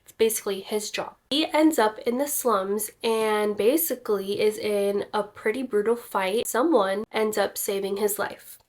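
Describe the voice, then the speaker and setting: A woman's voice: mid-range voice, unhurried, hardly any pauses. Chatty young woman gushing about books. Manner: chatty, gushing, filler-heavy. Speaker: book vlogger. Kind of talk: casual reading vlog chat.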